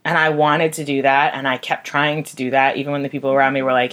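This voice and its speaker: Young woman, low voice, candid grief monologue, raw, profane, heartfelt. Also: little pitch movement, fast, fairly bright tone. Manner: raw and emotional, swears freely. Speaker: vlogger.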